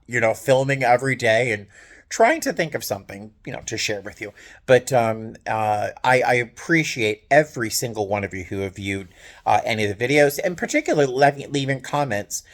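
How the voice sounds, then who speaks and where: An average-pitched man speaks in a casual video diary and tells his stories with lively, self-mocking humor. He sounds like a flight attendant unwinding alone in a hotel room after a long day. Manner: animated storyteller, wry and self-mocking.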